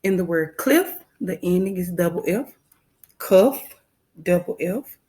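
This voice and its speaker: Slow, patient woman teaching phonics. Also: fairly low pitch, animated, mellow. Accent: Southern American. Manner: patient, repeats instructions slowly. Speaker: first grade teacher. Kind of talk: recorded phonics lesson.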